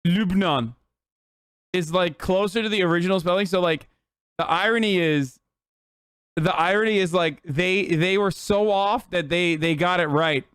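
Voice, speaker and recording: A man in his thirties streaming live, reacting loudly to clips and chat with lots of swearing. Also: sits high, normal speed, smooth, no echo. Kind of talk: casual live-stream commentary.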